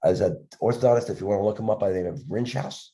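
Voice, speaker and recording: An older man, a dentist with a cough from a respiratory illness, telling stories in a podcast chat, acting out the voices in his anecdotes with halting restarts. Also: fairly low pitch, mellow. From Philadelphia area, USA. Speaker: dentist guest.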